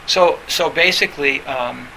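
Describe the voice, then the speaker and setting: Male meditation teacher, slightly high, gravelly voice; rambling talk with fillers, faint hiss. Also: measured pace, pushed and bright, low-quality recording. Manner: conversational, many fillers and restarts, acts out quoted voices. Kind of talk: dharma talk.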